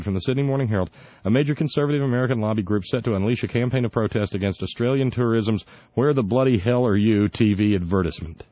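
A lowish male voice rants through sarcastic political commentary as a radio talk host. He is indignant and often trips over his words before pushing on. The sound is dull and lo-fi, with no room echo at all. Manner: indignant, sarcastic, stumbling restarts. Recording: dull lo-fi dry recording.

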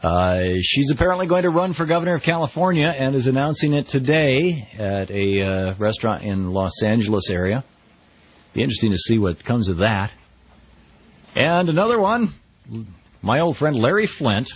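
A middle-aged man hosting a talk radio show, running through the news with a wry, chatty manner and a voice that swoops up and down. His tone is slightly husky, and the sound is dry and a little dull. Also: medium pitch, expressive, moderate pace. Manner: wry, conversational, quotes people in mock voices. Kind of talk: news commentary.

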